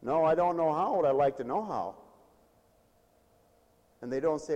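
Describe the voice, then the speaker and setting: High, lively preacher in a reverberant hall. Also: male voice, normal speed, long pauses, lo-fi sound. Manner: animated, playful, laughs often, acts out whiny voices. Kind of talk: lively sermon.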